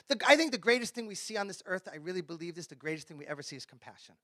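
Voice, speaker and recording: Male pastor, high bright voice, chatty sermon delivery, dry close sound. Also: lively intonation, very fast, few pauses, no room sound. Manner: conversational preaching, sudden drops to a hush.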